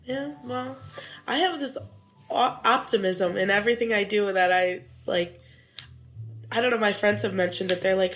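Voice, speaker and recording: A woman in her twenties hosting a podcast, chatting in an upbeat way with quick replies. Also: medium pitch, a bit bright. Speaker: podcast host. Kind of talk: casual chat.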